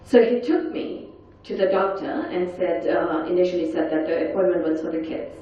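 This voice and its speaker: A woman on a conference panel tells her own story in a quiet, intense and earnest voice. Her tone is mellow and dark. She is picked up from a distance in a very reverberant hall, through a dull, muffled recording. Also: fairly low pitch, normal speed, slight background noise. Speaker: panel speaker. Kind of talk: personal testimony talk. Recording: echoey, dull hall sound from far off.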